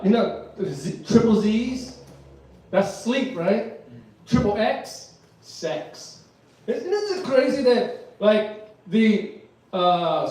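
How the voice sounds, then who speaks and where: A man's voice: high voice, dark tone. A man doing live stand-up comedy, rambling and laughing at his own jokes, in front of an audience. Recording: echoey room, mic far off.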